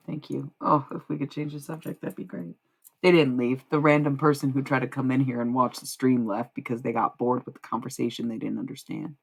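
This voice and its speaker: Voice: mid-range voice, creaky, sharp tone, husky. A tarot streamer talking casually on a live stream, profane, confrontational and rambling.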